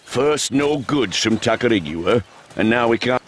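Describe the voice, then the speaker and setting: A man's voice: medium pitch, lively intonation, measured pace, slight background noise, natural voice. An actor playing a grumbling townsman in a video game. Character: grumbling townsman, gossiping about the embargo.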